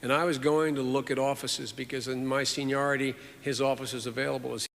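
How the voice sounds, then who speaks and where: Older guy giving a eulogy, measured and earnest, echoey big hall. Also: mid-range voice, little pitch movement, vocal fry, fairly bright tone. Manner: measured, earnest, with repeated phrases. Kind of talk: formal eulogy. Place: large hall at a funeral service. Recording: reverberant hall.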